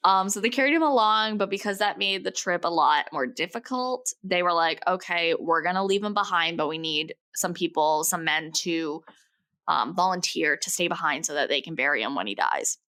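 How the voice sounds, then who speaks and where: A woman's voice: on the low side, lively intonation, normal speed, pushed and bright. A young woman co-hosting a podcast, telling a story in a loose, jokey way and laughing often. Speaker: podcast co-host. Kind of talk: casual storytelling chat.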